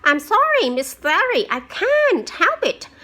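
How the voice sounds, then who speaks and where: Woman putting on a high puzzled schoolboy. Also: big pitch swings, a little slow, pushed and bright, heavily acted. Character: young schoolboy student, puzzled and sleepy.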